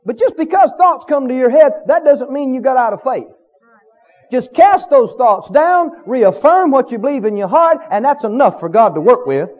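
A man's voice: very high voice, expressive, normal speed, lo-fi sound. A man preaching a sermon with emphasis, often asking the congregation questions.

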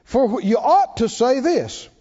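A man's voice: very high-pitched, sing-song, a little slow, dark tone. A man preaching a sermon to a congregation, who prompts them to answer and repeat lines after him. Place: church hall. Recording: dull sound in a hall with long reverb.

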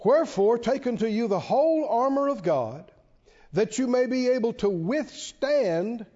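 In a church, a man preaches a sermon to his congregation, emphatic and repetitive, often putting questions to the listeners. His very high voice is animated, unhurried, and warm. The recording is dull and lo-fi, with church hall reverb.

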